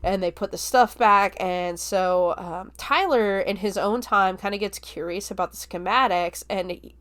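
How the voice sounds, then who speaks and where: Female podcast host, mid-pitched voice, rambling casual film recap. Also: measured pace, fairly bright tone. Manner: chatty, filler-heavy retelling with frequent likes and laughs.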